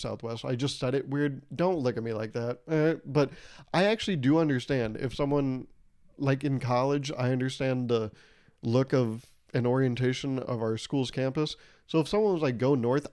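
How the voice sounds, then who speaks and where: A man's voice: medium pitch, darkish tone. Young male podcast host, rambling comic monologue, swears freely. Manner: rambling, joking, laughs often, swears. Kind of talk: casual solo podcast monologue.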